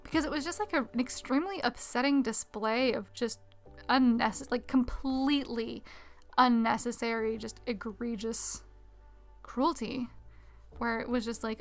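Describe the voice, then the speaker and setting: A woman's voice: fairly high pitch, unhurried. Chatty woman streaming, music faint behind. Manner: chatty, rambling, animated storytelling with many fillers. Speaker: art streamer. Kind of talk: casual live-stream chat while drawing.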